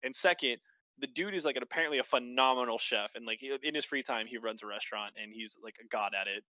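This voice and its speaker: Man, podcast co-host, bright tone, dry sound, animated casual storytelling. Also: mid-range voice, dry recording. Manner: animated, quick storytelling with lots of fillers and swearing. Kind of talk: casual chat.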